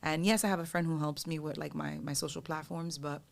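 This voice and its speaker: A woman, a singer guest on a podcast, telling stories in a casual, animated and profane way, acting out the voices of others. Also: low voice, fairly quick, vocal fry. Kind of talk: casual storytelling chat.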